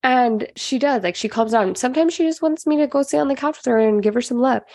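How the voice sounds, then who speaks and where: A woman in her twenties or thirties, hosting a motivational self-help podcast in an energetic, chatty manner with plenty of "like" fillers. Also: high voice, quick pace, no echo. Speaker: podcast host.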